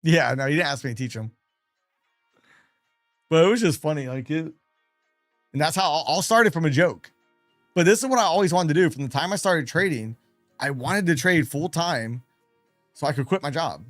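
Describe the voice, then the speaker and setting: A man's voice: on the high side, lively intonation, normal speed, pauses often, a bit bright, no echo, studio quality, soft background music. A man telling stories casually on a live trading stream, chatty, laughing between anecdotes and repeating phrases for emphasis. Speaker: day trader and live streamer.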